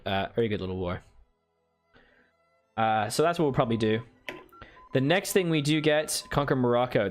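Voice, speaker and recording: Speaking in a mid-range voice, a man plays a strategy game on stream with casual commentary. He walks through his moves, replies to chat and adds the odd playful aside.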